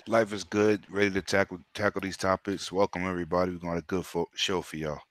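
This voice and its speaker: A man on a casual gaming podcast, sick with a cold and low on energy. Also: level tone, fast talker, no echo.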